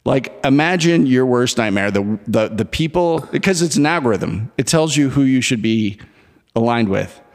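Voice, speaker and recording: A man's voice: mid-range voice, normal speed. A man in his forties co-hosting a podcast, chatting casually and acting out movie scenes as he retells them. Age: 40s. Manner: animated storyteller, acts out movie scenes. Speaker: podcast co-host. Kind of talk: casual chat. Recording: long hall reverb.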